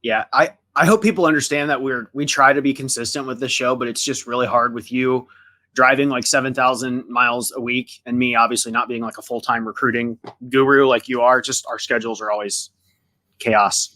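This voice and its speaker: A man's voice: mid-range voice, fairly even intonation, fairly quick, bright, forceful tone. A man co-hosting a casual sports podcast, thinking aloud and hesitant. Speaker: podcast co-host.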